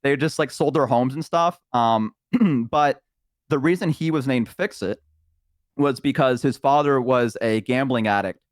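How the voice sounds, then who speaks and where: A man's voice: mid-range voice, unhurried, dry recording, studio quality. Rambling young man telling a story. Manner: rambling storyteller with many fillers, acts out voices. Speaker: guest on a stream. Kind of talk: casual chat, retelling a roleplay character.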